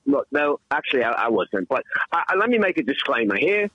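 An English man calling in to a radio show rambles in a theatrically profane, comic way. His medium-pitched voice has big pitch swings and moves a little fast, and the audio sounds dull.

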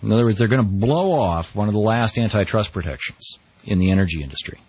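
A middle-aged man hosting a talk radio show, running through the news with a wry, chatty manner and a voice that swoops up and down. His tone is slightly husky, and the sound is dry and a little dull. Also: on the low side, lively intonation, quick pace, no echo. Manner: wry, conversational, quotes people in mock voices. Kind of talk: news commentary.

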